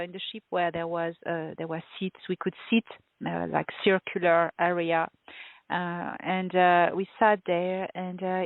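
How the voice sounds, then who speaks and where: A woman being interviewed as a guest, telling her story in a halting way, with many fillers and restarts and frequent laughter. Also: fairly low pitch, no echo. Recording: tinny phone-like line.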